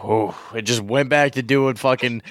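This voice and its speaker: A man's voice: medium pitch, normal speed, a bit bright, no echo, clean studio sound. A young man from Minnesota, a guest on a podcast, rambling through stories with lots of swearing. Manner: rambling, profane, restarts a lot. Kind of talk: casual chat.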